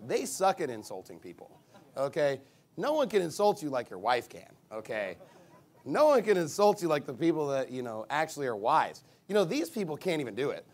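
A man preaching a sermon in a high, lively voice that swings widely in pitch. He reads scripture slowly with climbing emphasis, then turns animated and mocking, with sudden shouted bursts. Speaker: pastor.

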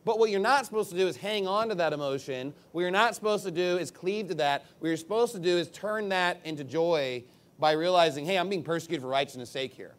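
A man preaching a sermon in an emphatic, conversational way, acting out quick asides. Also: high voice. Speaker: pastor.

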